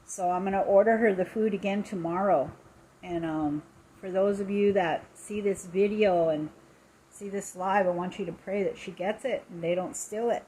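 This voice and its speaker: A woman's voice: medium pitch, steady tone, normal speed, mellow, slight background noise, poor audio. A middle-aged woman on a casual live stream, retelling an upsetting story in an indignant, emphatic way, with lots of repetition.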